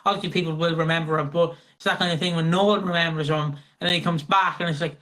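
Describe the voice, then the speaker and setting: Man, podcast co-host, bright edgy tone, rambling and sweary. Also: fairly high pitch, fast talker, hardly any pauses, poor audio. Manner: rambling, excitable, heavy swearing. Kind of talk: casual podcast chat.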